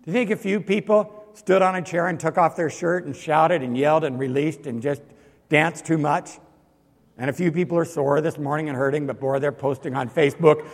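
Pastor preaching in a reverberant hall. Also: male voice, on the high side, moderate pace. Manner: swings from loud exhortation to quiet storytelling. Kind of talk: sermon. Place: church sanctuary. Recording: long reverb of a large hall.

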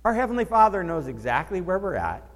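A male pastor preaching with lively storytelling, his voice sitting a little high for a man. He acts out the characters he quotes. The sound carries a long hall reverb. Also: fast talker. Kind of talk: sermon.

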